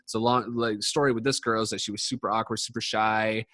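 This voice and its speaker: Male podcast talker, mid-pitched, rapid and rambling, profane and heavy on fillers, dry close sound. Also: little pitch movement, fairly bright tone, no echo. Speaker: podcast speaker, sports coach. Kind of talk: casual podcast storytelling.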